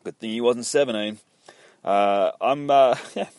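A man's voice: medium pitch, measured pace, darkish tone, dry recording. A young man casually retelling a comic book story in a loose, rambling, profane way.

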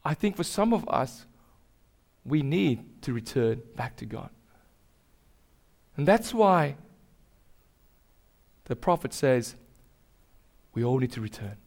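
A man's voice: mid-range voice, big pitch swings, takes it slowly, gravelly, pauses often, a little mellow. A man preaching a sermon as pastor, earnest and repetitive, building in intensity.

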